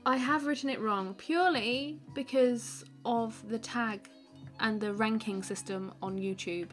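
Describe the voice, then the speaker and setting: A woman's voice: on the high side, a little slow, faint music behind. Chatty woman on a live stream. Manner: chatty, laughs often, reads viewer comments aloud and answers them; rambling with many fillers like "like" and "um". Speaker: artist live-streaming a drawing. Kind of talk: casual live-stream chat.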